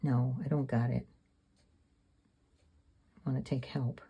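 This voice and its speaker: Older lady in her 70s, low husky gravelly voice, chatty and candid while she paints. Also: little pitch movement, slow, muffled recording. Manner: rambling, candid, self-deprecating. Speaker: sketchbook artist. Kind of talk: casual reflective talk while painting.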